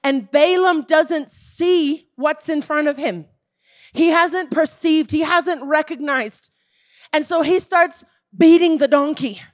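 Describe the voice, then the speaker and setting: A woman's voice: sits high, slow. A woman preaching a sermon, emphatic and calling out to the congregation as church.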